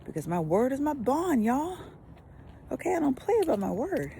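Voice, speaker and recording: Woman pastor, mellow dark tone, animated delivery with whispered asides. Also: high voice, normal speed, slight background noise. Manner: animated, swings from loud emphasis to whispers. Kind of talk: lively devotional teaching.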